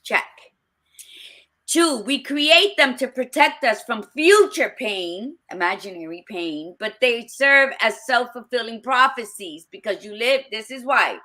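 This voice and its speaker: A woman's voice: fairly high pitch, animated, measured pace, sharp tone. A middle-aged woman co-hosting a podcast, talking bluntly and emphatically with frequent swearing. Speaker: podcast co-host. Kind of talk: casual chat.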